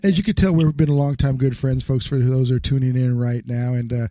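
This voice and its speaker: A man's voice: mid-range voice, steady tone, fast, warm tone, no echo. A man hosting a podcast in a casual, rambling way, laughing often. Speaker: podcast host. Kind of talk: casual interview chat.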